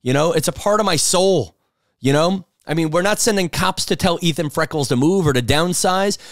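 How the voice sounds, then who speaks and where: A middle-aged man, hosting a podcast and telling stories in a loose, animated monologue. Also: fairly high pitch, normal speed, no room sound, studio quality. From New York City. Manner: rambling, animated storytelling. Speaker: podcast host. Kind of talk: casual monologue.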